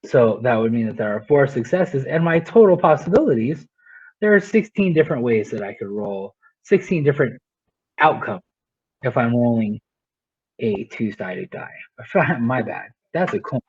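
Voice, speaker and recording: A man's voice: medium pitch, animated, normal speed, breathy edge. Lo-fi male teacher talking through a lesson. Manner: explains step by step, with frequent "right?" and "um". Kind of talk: recorded math lesson.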